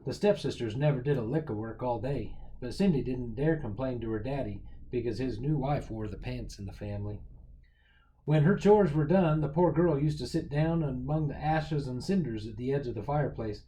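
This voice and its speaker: A man reading a picture book aloud as a storyteller, with lively, expressive storytelling. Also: medium pitch, normal speed, poor audio.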